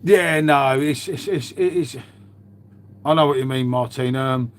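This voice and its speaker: A man's voice: mid-range voice, measured pace. A middle-aged man, chatting casually and rambling to viewers as a livestream host. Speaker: livestream host reading chat. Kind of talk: casual live chat.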